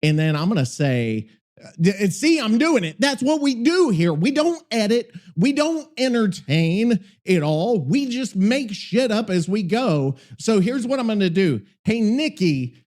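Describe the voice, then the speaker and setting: A man's voice: high-pitched, big pitch swings, unhurried, a little mellow. A man hosting a podcast in loose, profane, rambling chat, often exasperated and yelping. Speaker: podcast host. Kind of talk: casual chat.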